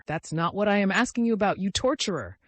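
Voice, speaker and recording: A man voicing an agitated, humiliated gentleman who shouts and repeats himself at his servant in an audiobook. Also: on the high side, lively intonation, moderate pace, no echo. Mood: furious.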